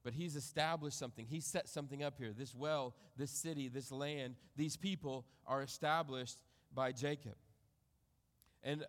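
With a long reverb tail behind him, a man preaching as a pastor reads passages of scripture and thoughtfully reflects on them. He keeps a medium pitch and fairly even intonation, and the ends of his phrases soften and fade.

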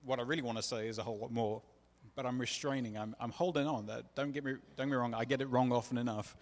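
Fast-talking with a mid-range voice and fairly even intonation, a preacher relates his personal testimony in a sermon. He is earnest and confessional, acts out the dialogue, and is recorded with the long reverb of a large hall.

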